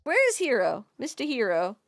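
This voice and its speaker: A woman streamer giving live game commentary, excitable, swinging from muttering to shouting and swearing freely. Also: on the high side, moderate pace, faint music behind.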